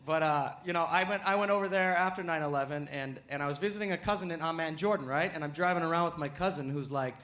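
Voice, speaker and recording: A man from the United States doing a stand-up comedy set with punchy, animated delivery and sudden shouts, on stage before a live audience. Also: on the high side, quick pace, hardly any pauses. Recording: live show with loud crowd and noise.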